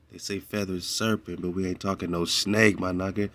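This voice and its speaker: A man's voice: sits low, little pitch movement, normal speed, few pauses, fairly bright tone. A man hosting a radio show, reacting to a documentary clip in casual commentary with frequent laughs and slangy asides.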